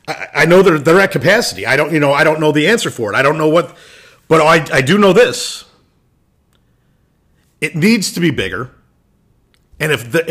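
Male host, blunt swearing rant, bright husky tone, pitched a bit high. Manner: blunt, swears, ranting, many restarts. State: irritated. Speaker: lacrosse podcast host. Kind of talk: opinion rant.

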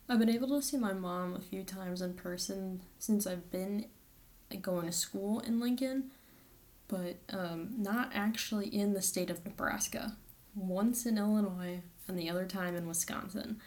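A young American woman talks through a solo podcast episode in a loose, rambling way. She leans on "like" and often corrects herself mid-sentence. Her voice sits at an ordinary middle pitch for a woman. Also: unhurried, a little mellow. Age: young adult. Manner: chatty, rambling, with many "like" fillers and self-corrections. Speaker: college student podcaster. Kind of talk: casual solo podcast monologue.

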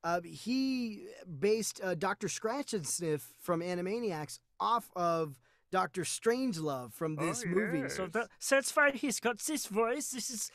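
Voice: medium pitch, lively intonation, a little slow, a bit bright, dry recording. A co-host in a casual movie chat, chatty and full of trivia, acting out scenes while explaining them. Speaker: podcast co-host.

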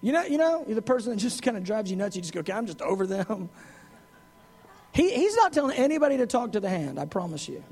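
A man preaching a sermon in an animated, conversational way, with frequent asides and acted quotes. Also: extremely high pitch, racing, few pauses, husky.

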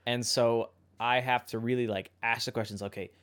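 A young man hosting a podcast in casual chat, thinking out loud in a reflective way and often correcting himself mid-sentence. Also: mid-range voice, fairly even intonation, normal speed. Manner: reflective, rambling, self-correcting. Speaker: podcast host.

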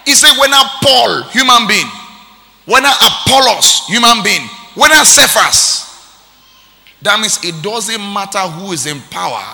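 A male pastor from Nigeria, preaching a sermon with shouted, sing-song call-and-response. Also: high-pitched, sing-song, measured pace, gravelly, big-room sound.

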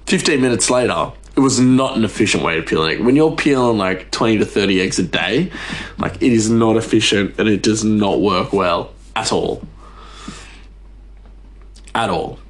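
A man's voice: on the low side, lively intonation, normal speed. A man hosting a podcast, ranting casually in a rambling, exasperated way, his voice jumping up for emphasis. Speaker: podcast host. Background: faint music.

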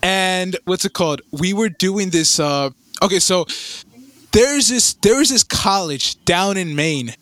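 Young male podcast co-host, high voice, dry close sound, rambling and excitable. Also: unhurried, no echo. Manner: rambling, excitable, stammering restarts. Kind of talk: casual chat.

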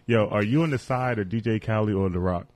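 A young man co-hosting a podcast, telling profane stories about celebrity gossip and laughing loudly. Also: on the low side, moderate pace, no room sound. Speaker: podcast co-host. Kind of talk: crude casual banter.

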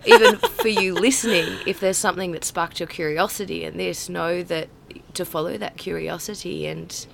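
A woman hosting a casual podcast interview, hoarse from a cold, with a husky voice and an effusive manner. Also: on the low side, expressive, normal speed, hardly any pauses, very noisy. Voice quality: husky, gravelly voice. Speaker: podcast host.

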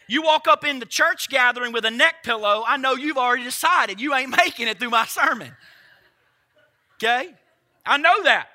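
High, bright-voiced male preacher. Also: animated, normal speed. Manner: emphatic preaching, rhetorical questions to the congregation. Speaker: pastor. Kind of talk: sermon.

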